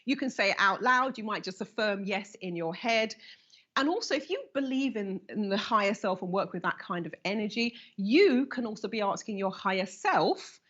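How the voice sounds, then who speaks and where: A woman in her fifties giving a live talk as a workshop teacher, telling lively stories and acting out the voices of the people in them. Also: mid-range voice, moderate pace, muffled recording. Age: 50s. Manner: animated storyteller who acts out quoted voices.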